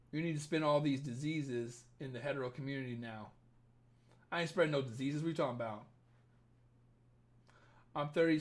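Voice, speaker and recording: A young man hosting a casual livestream, reading viewer comments and giving dating advice in a profane, joking, animated way. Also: medium pitch. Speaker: dating coach livestream host.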